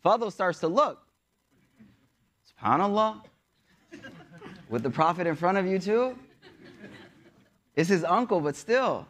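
A man preaching a story sermon in a casual, slangy way, moving between hushed, soft passages and excited bursts. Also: high-pitched. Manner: casual slangy preaching, recites Arabic verses quickly.

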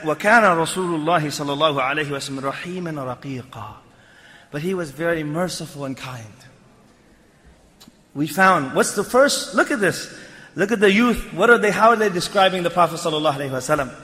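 A man preaching a sermon, animated and rising to emphatic near-shouts, quoting Arabic phrases and explaining them in English. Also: fairly high pitch. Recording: long hall reverb.

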